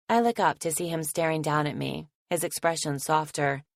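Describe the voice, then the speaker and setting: A woman narrating a first-person romance audiobook in a soft, affectionate way. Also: low-pitched, moderate pace, dry recording, studio quality.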